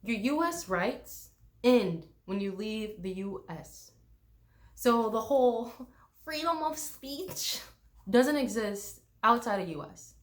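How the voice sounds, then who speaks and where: A woman's voice: a little high, lively intonation, takes it slowly. A young woman from the United States, a travel vlogger, ranting bluntly and swearing freely, mocking people with put-on voices. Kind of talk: casual ranting vlog.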